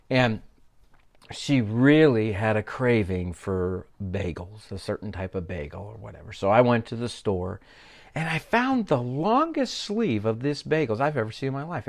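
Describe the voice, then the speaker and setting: A middle-aged man, a pastor telling a personal story in a sermon, animated and self-mocking, with many fillers and restarts. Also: on the low side. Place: church sanctuary.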